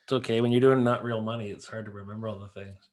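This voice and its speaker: A man's voice: lowish voice, fairly even intonation, fast talker, darkish tone. A man joining a trading call as a participant, friendly and teasing in casual chat.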